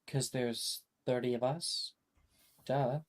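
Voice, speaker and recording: A know-it-all schoolgirl who rattles off answers in a flat, matter-of-fact way, as a game master puts her on. The voice stays close to everyday speech and is unhurried. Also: mid-range voice.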